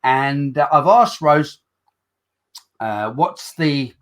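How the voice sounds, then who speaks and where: A man's voice: fairly high pitch, expressive, very slow, fairly bright tone. A man hosting a casual chat show in a chatty, self-deprecating way, speaking with a Black Country accent and sometimes stumbling over words. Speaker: host.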